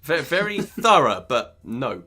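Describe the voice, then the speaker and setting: A man's voice: a little high, very animated, a little slow, crowd noise. A British man hosting an online pub quiz, upbeat and teasing as he reads out questions and viewers' answers. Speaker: quiz host.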